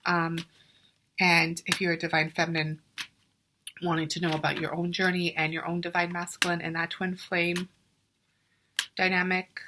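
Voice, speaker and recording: A woman's voice: fairly low pitch, monotone, normal speed, long pauses, noisy background. A young woman, a spiritual coach, gives a casual tarot reading straight to her viewers, earnest and often searching aloud for the right word. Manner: earnest, addresses viewers directly, searches for words mid-sentence.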